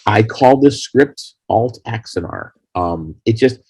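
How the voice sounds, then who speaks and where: A man with a husky, fairly low voice tells rambling anecdotes as an interview guest. He talks casually and with animation, and his voice sounds dry and close to the mic. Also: animated, a little slow, darkish tone, no room sound. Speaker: fan film creator, interview guest.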